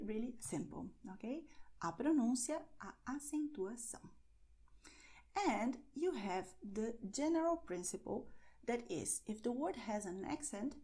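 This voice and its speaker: Brazilian woman, native Portuguese speaker, language teacher; patient, clear delivery, mid-pitched voice. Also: warm tone. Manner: slow, patient, says Portuguese words very clearly as examples. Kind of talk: online language lesson.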